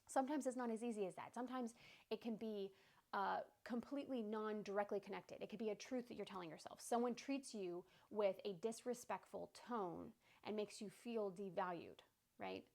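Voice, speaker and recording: A woman's voice: mid-range voice, moderate pace, creaky, darkish tone. A woman in her thirties hosting a podcast on emotional healing, talking in a casual, reassuring way and checking in with "okay?" and "right?". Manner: conversational, reassuring, many "okay?" and "right?" asides. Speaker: podcast host. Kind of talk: casual self-help talk.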